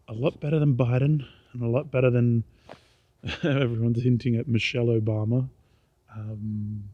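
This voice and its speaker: A middle-aged Australian man, tired and speaking quietly, rambling through a casual walking vlog outdoors at night. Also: breathy edge. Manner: rambling, quiet and low-key. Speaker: vlogger. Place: outdoors on a small-town main street at night. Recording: dull lo-fi recording.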